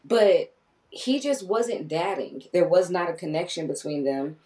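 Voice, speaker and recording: A woman's voice: lowish voice, animated, measured pace, warm tone, recorded from a distance, low-quality recording. A woman co-hosting a casual movie review podcast, talking animatedly and swearing, quoting herself and others. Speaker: podcast co-host.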